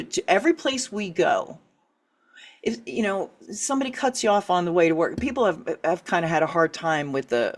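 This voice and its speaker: A middle-aged woman talking as an interview guest, her voice sitting a little low for a woman. She tells her story candidly and with lots of energy, laughing often and acting out reactions in quick little voices. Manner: animated, laughs often, acts out quoted reactions. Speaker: author and writing coach, interview guest.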